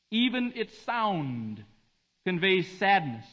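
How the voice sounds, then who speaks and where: High-voiced preacher on a dull recording. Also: male voice, animated, normal speed. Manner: dramatic swings between hushed and emphatic delivery. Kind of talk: sermon.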